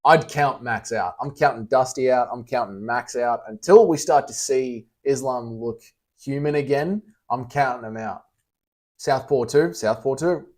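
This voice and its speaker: A man's voice: medium pitch, a little slow. A young Australian man casually chatting on a livestream, reading out and answering chat messages with blunt, teasing, sweary banter.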